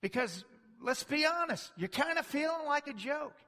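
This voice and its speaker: A man preaching a sermon, emphatic, rising from quiet reflection to loud declarations. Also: very high-pitched, animated, moderate pace. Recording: long reverb from a large hall.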